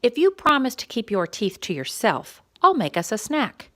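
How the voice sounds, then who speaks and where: A woman reading a children's storybook, voicing a cheerful, bossy female groundhog in a bright, brisk way. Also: on the high side, sing-song. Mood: chirpy.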